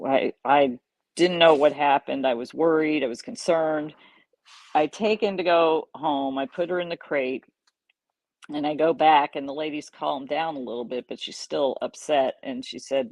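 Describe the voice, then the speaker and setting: A middle-aged woman hosting a podcast, casually recounting a personal story in an animated way, chuckling and restarting her sentences. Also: low voice, normal speed, dry recording. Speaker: podcast host.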